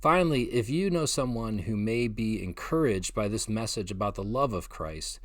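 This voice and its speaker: A man preaching a short devotional message as a pastor, earnest and gentle, with emphatic pauses. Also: lowish voice, animated, no echo, studio quality. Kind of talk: short devotional sermon video.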